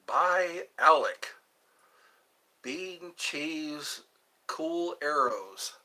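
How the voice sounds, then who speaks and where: A man's voice: on the high side, animated, extremely slow, pushed and bright. A man hosting a live stream in a casual chat, joking around playfully and answering viewers' questions aloud.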